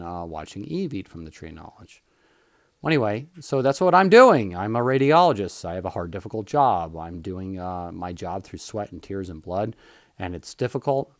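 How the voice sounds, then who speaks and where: A man's voice: lowish voice, a little mellow, dry recording, studio quality. A younger man hosting his own podcast, talking in a blunt, opinionated solo monologue that rambles with many fillers. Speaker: podcast host, physician.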